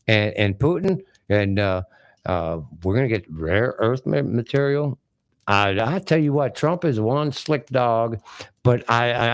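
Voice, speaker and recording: A man's voice: mid-range voice, no echo, clean studio sound. A man hosting talk radio, delivering a rambling, folksy and opinionated monologue in a blunt manner. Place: small radio studio. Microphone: studio microphone.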